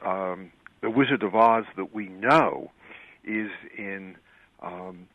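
An older man talks as a guest on a radio interview, wry and a bit of a curmudgeon, spinning anecdotes. His voice sits a little low. It comes through a dry, tinny phone-like line. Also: slow, dry recording. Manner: wry self-described curmudgeon.

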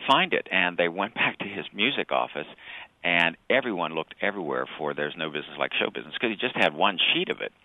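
Very deep-voiced man on a tinny line. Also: expressive, quick pace, dry recording. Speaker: guest. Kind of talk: radio interview storytelling.

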